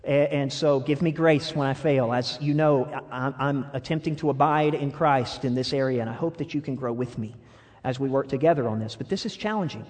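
A young adult man, a pastor, preaches a sermon at a fairly quick pace in a medium-pitched voice. He's animated and laughs often, swinging between loud outbursts and soft asides.

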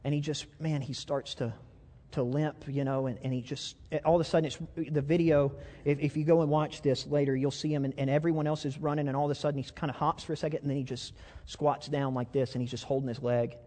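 Male pastor, high voice, fervent storytelling sermon, echoey church hall, stumbles and repeats words. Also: fairly even intonation, fast talker. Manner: impassioned storytelling, swings from loud to hushed. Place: church stage.

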